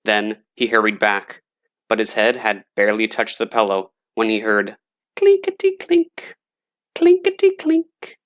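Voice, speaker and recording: A man narrating a scary story in a slow, dramatic reading voice. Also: fairly low pitch, level tone, pushed and bright.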